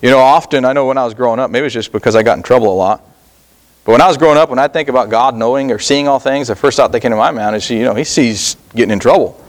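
A middle-aged man preaching a sermon in an earnest, halting way, repeating words and pausing often. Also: medium pitch. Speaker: pastor.

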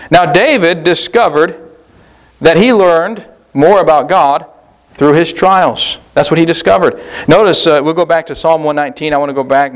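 A male pastor delivers a sermon in an earnest, repetitive cadence. His voice sits a little higher than most men's, and he leans on measured pauses and restated phrases.

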